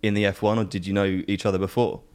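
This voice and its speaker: A man's voice: on the low side, level tone, fast talker, a little mellow, smooth. A man co-hosting a podcast, chatty and curious, laughing easily. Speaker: podcast co-host. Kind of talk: casual podcast chat.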